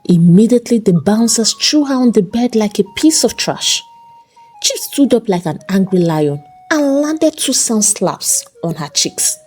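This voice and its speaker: Slow, husky-voiced woman telling a folktale. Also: mid-range voice, animated, a little mellow. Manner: dramatic, unhurried storytelling. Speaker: storyteller. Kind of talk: scripted narration. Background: faint background music.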